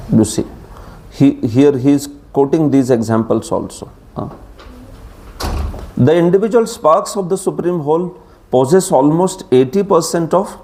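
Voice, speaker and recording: Indian-accented man, mid-pitched, teaching a class: lively, quick to laugh, quizzes his students. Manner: lively, laughs often, asks the class questions. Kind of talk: class lecture. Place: class streamed live.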